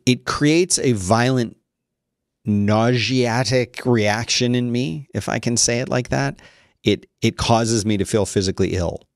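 A man's voice: on the low side, no room sound, studio quality. A man hosting a casual solo podcast, rambling with sarcastic, mock-outraged complaints. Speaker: podcast host.

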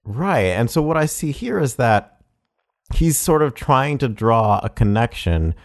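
A man's voice: mid-range voice, sing-song, unhurried. A man commenting on a speech clip in a conversational, admiring way, with fillers and self-corrections.

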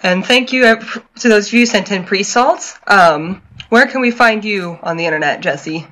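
A woman's voice: mid-range voice, moderate pace, a bit bright. A woman, co-hosting a podcast, giving dry short replies and reading the show's outro plugs. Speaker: podcast co-host. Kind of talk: casual chat and show sign-off.

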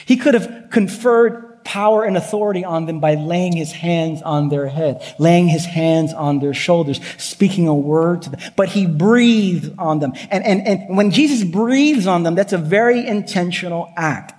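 In a church sanctuary with long hall reverb, a male pastor delivers his sermon in a high, somewhat dark-toned voice at normal speed, barely pausing. He is earnest, building with repetition and weaving in stories from his own life.

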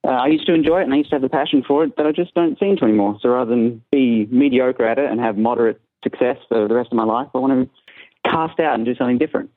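A man's voice: medium pitch, fast talker, no room sound. A man in his twenties with an Australian accent with a British tinge, calling in to a talk show and speaking politely, with easy laughs. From South Australia. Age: 20s. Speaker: caller. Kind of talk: casual phone-in chat. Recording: tinny phone line.

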